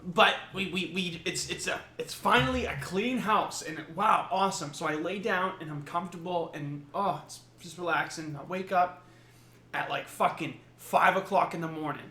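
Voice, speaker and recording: A man co-hosting a podcast in casual chat, telling stories in a lively way and swearing freely. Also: high-pitched, moderate pace. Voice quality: swears a lot, animated storytelling. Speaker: podcast co-host. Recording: echoey room, faint noise.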